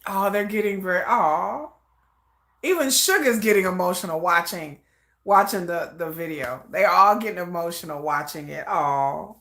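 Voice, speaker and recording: Chatty woman reacting live, lowish voice. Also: normal speed. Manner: chatty, trailing off, swinging between soft murmurs and excited bursts. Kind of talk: casual live reaction commentary.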